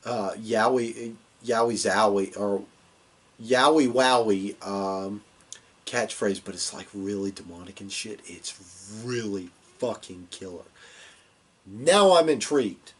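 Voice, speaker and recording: A man's voice: on the low side, takes it slowly, breathy edge. A man hosting a casual wrestling review show, rambling and swearing with lots of fillers. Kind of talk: casual chat.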